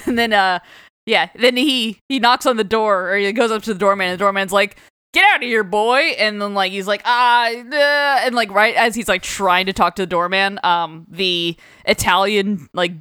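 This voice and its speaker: Laughing, swearing woman, smooth clear voice. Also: mid-range voice, normal speed, a bit bright, no echo, clean studio sound. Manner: laughs often, swears casually, acts out quotes. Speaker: podcast co-host. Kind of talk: casual chat about a comic book.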